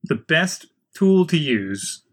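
A man with a slightly higher voice chats casually and tells stories with animation. He acts out the voices of the people in his stories. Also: very animated, slow. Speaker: town committee member. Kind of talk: casual chat.

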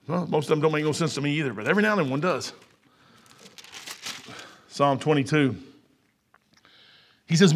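Emphatic, folksy middle-aged preacher. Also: male voice, on the high side, animated, moderate pace, pauses often, breathy edge. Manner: folksy, emphatic, repetitive, swinging between shouts and quiet asides. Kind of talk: sermon.

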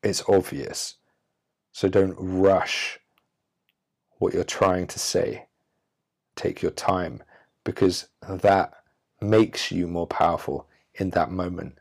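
A man with a very low, gravelly voice delivers a self-help monologue straight into the mic. He talks emphatically and preachily, stretching out pauses for effect. His deep register carries a rough, fry-laden edge. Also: steady tone. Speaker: podcast host. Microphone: audio-only recording.

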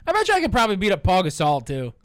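A young man riffs on sports in casual podcast banter, swearing freely and joking. His voice sits high and swings widely in pitch. The sound is dry and close. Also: rapid-fire, dry recording. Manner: profane, jokey, animated. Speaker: podcast co-host.

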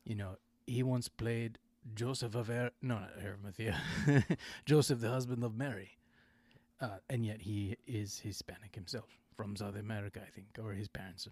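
A man's voice: on the low side, fairly even intonation, normal speed, darkish tone, breathy edge, no echo. A man hosting a podcast in casual chat, rambling and digressing, often correcting himself mid-sentence. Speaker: podcast host.

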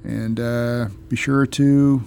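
A man's voice: mid-range voice, level tone, slow, gravelly, warm tone, clear, resonant tone. A man co-hosting a casual podcast, blunt and joking as he chats and reads the sign-off. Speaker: podcast co-host.

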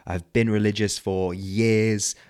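A man's voice: fairly low pitch, flat delivery, slow, darkish tone, smooth. A man voicing a stubborn, devout drowning man who insistently refuses rescue. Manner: insistent, pleading.

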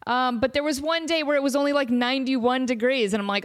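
A young woman hosts her podcast in a loose, rambling monologue. Her voice sits a little high, and she talks in a playful, animated way. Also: quick pace. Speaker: podcast host.

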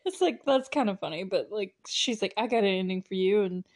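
A woman's voice: mid-range voice, animated, normal speed, darkish tone. A woman hosting a podcast, recapping a film in a chatty, casual way with lots of fillers and frequent laughter. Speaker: podcast host.

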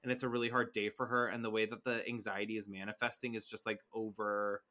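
A young man co-hosting a podcast, recapping a reality show in rambling, animated casual chat with many fillers. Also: lowish voice, quick pace. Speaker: podcast co-host.

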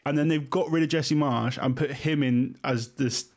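A man's voice: medium pitch, fairly even intonation, moderate pace, darkish tone, dull audio. A young man co-hosting a casual football podcast, laddish and jokey, explaining the news loosely. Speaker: podcast co-host.

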